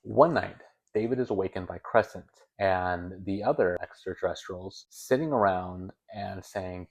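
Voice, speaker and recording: A man's voice: sits low, moderate pace, a little mellow. A young man hosting a video, telling a story in a casual, rambling way with stammers and self-corrections. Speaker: video host.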